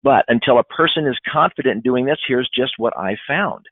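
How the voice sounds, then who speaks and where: A man in his fifties giving an animated, emphatic sales training webinar, acting out what clients say. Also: medium pitch, fairly quick, no room sound. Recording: dry, phone-like webinar audio.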